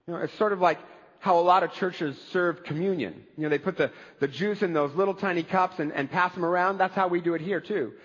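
High-voiced guy preaching, kinda breathy, echoey church sound. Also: fairly quick, lo-fi sound. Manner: conversational preaching with animated asides. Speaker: pastor. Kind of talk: sermon.

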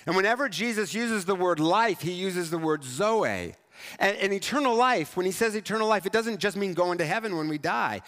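A man preaching a sermon as pastor, talking in a conversational, animated and self-mocking way. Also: sits high, moderate pace. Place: church sanctuary. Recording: church hall reverb.

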